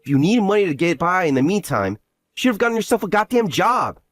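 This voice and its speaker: A man's voice: high voice, very animated, fast talker. A man playing an exasperated, scheming brother. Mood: angry. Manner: exasperated, scolding. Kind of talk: voiced story drama.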